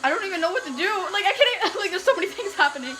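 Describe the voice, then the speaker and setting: Her voice is very high and lively in intonation, delivered very fast with a sharp tone over poor audio. She's a young woman reacting to a music video, squealing, laughing and gushing excitedly. The video's music can be faintly heard behind her.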